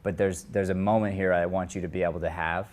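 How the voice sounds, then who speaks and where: Very deep-voiced acting coach giving notes. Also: male voice, fairly even intonation, darkish tone. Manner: direct, quick notes to actors, with restarts. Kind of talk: live coaching in an acting class. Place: acting studio.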